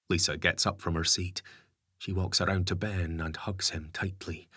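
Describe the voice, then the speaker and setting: Low husky male audiobook narrator. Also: flat delivery, moderate pace, fairly bright tone, no room sound, studio quality.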